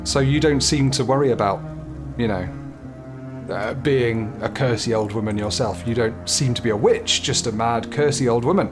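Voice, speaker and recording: A man's voice: medium pitch, normal speed, music in the background. A man chatting casually as he plays a game, laughing and swearing freely. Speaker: game player. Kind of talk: casual let's-play commentary.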